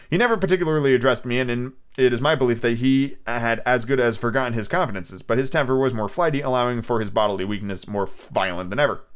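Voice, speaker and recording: A man's voice: mid-range voice, clear, resonant tone. A man casually reading a classic adventure story aloud as host, with irreverent asides and frequent stumbles and rereads. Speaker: audiobook narrator and podcast host.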